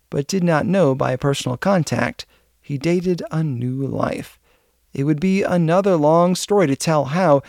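A man narrating an old novel as an audiobook, in a steady, earnest storytelling manner. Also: a little high, gravelly, no echo, clean studio sound.

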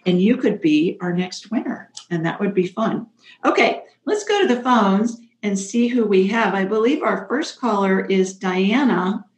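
A woman's voice: medium pitch, lively intonation, a little slow. Upbeat, chatty female call-in host in a roomy-sounding space. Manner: chatty, upbeat, self-joking. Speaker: radio show host and psychic. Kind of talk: casual call-in show chat. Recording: roomy echo.

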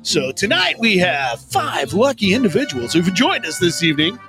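A man's voice: high voice, very animated, moderate pace, music in the background. A man co-hosting a crude comedy podcast, brash and profane, hyping up a trivia game like an announcer.

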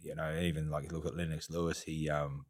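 A middle-aged man with a New Zealand accent, a guest telling stories in casual chat, halting with many fillers and restarts. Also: rumbling low, flat delivery, no echo, clean studio sound. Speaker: guest, retired boxer.

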